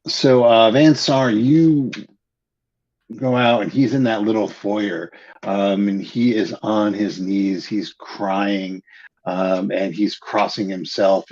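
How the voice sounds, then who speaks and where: A slow, deep-voiced man runs a tabletop game, hesitant and halting as he narrates. His voice is husky. It comes through a dull, lo-fi recording. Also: a little mellow. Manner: hesitant, lots of ums and restarts. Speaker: game master.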